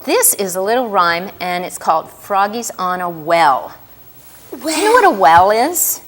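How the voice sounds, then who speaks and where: A woman's voice: medium pitch, noisy background. Woman reading a rhyming storybook to little kids, bouncy up and down voice, keeps asking them questions. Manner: animated, asks children questions often; drawn-out sing-song rhyming delivery. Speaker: children's storyteller. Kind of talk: reading a picture book aloud to children.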